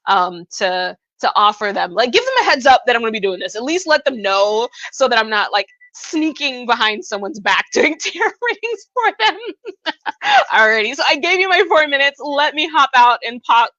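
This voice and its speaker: A woman's voice: fairly high pitch, pushed and bright, no room sound, highs cut off. A woman from Arkansas hosting a live tarot reading on her phone, chatting in an upbeat way and calling viewers "hun". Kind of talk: live-stream tarot reading, casual chat.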